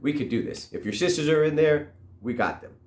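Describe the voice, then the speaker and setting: A man's voice: on the high side, brisk, pitched above the performer's own voice, natural voice. A man doing a chatty raccoon, roomy echo. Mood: rambling. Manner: rambling, matter-of-fact. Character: chatty male raccoon who eats constantly.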